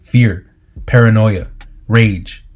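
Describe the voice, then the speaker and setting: A man narrating a comic book story recap in a steady, dramatic scripted delivery. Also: on the low side, very slow. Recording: faint music underneath.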